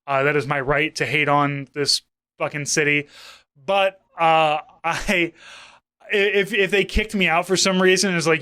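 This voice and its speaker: A podcast co-host from St. Louis, Missouri, in his thirties, rambles through casual chat, swearing often and interrupting himself to circle back on sentences. His bright, smooth voice sits a little high for a man, with a steady tone at normal speed.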